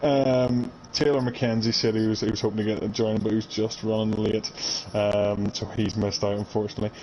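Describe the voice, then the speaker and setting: A man giving casual live commentary on an online sim race, chatty and quick to laugh. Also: on the low side, flat delivery, a little mellow, a little hiss or hum, rough recording. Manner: chatty, laughs often, reads out viewer comments.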